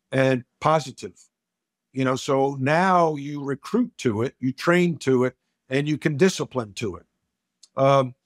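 A man's voice: a little high, dry recording, studio quality. A middle-aged man, a coach and speaker, talking emphatically in an interview and repeating words as he starts each thought. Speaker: coach and corporate speaker, podcast guest. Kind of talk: conversational interview storytelling.

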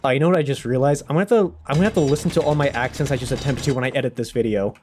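A man's voice: medium pitch, rapid-fire, music in the background. A young man in his twenties chatting casually on a gaming stream, rambling and self-deprecating.

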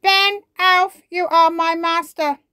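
A woman's voice: very high voice, fairly even intonation, slow, sharp tone, no echo, clean studio sound, voice pushed up, heavily acted. A woman voicing an obedient male toy robot in a storybook reading, chanting in a stiff, repetitive way.

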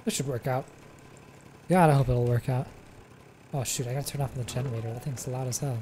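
A woman giving live gameplay commentary as a streamer, excitable, swearing and laughing often. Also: extremely low pitch, fairly quick, a little hiss or hum. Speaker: gaming streamer.

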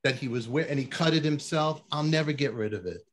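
A man's voice: medium pitch, fast talker. A man hosting a podcast interview, chatting eagerly and often echoing his guest's words. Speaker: podcast host. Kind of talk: casual interview chat.

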